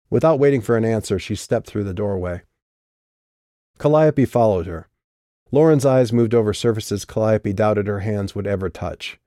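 A man with a lowish voice reads scripted audiobook narration in an even, measured storytelling style. The recording is dry and of studio quality.

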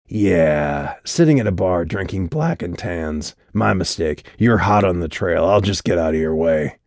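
A man's voice: low voice, lively intonation, a little slow, vocal fry, a little mellow, no room sound, clean studio sound, full character voice. A man voicing a menacing, sardonic clown-faced man in an audiobook, with a growling, mocking delivery. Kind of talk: audiobook character voice.

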